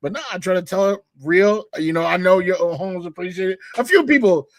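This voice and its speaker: A man's voice: high-pitched, a little fast, no room sound. A man co-hosting a casual sports talk show, laid-back and slangy. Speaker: podcast co-host.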